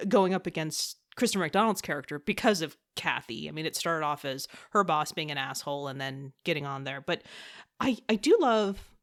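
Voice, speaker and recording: A woman's voice: deep voice, expressive, normal speed. A woman guest on a podcast, chatting casually with plenty of fillers and frequent laughter. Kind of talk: casual chat.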